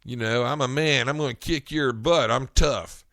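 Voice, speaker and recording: A man's voice: mid-range voice, normal speed, sharp tone, no room sound, clean studio sound, pitched above the performer's own voice, lightly acted. A man voicing a macho angry truck driver who taunts and brags about how tough he is. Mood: taunting. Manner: taunting, blustering threats.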